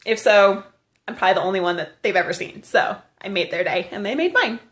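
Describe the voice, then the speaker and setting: A woman's voice: mid-range voice, lively intonation, brisk, a bit bright. A woman vlogger telling funny personal stories in a casual, chatty way, laughing often, recorded on a handheld camera. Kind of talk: casual storytelling.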